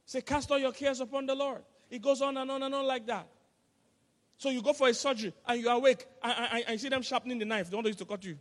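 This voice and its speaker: A man preaching a sermon as pastor, telling animated stories with laughter and sudden shouts. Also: very high voice, rapid-fire. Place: church hall. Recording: long hall reverb.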